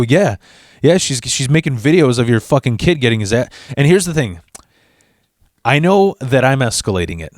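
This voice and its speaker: A young man tells a long storytime rant, cursing constantly and tripping over restarts. His pitch sits in a middle range, and the sound is dry and close. He jumps into quoted voices, often higher and louder. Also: moderate pace, dry recording. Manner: profane and animated, acting out quotes; restless stammers and restarts. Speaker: vlogger.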